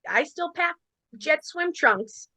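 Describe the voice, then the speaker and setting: A woman's voice: high-pitched, lively intonation, slow pace, pushed and bright, no room sound, low-quality recording. A woman co-hosting a podcast, chatting in a gushing, loose way full of "like". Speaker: podcast co-host. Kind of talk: casual podcast chat.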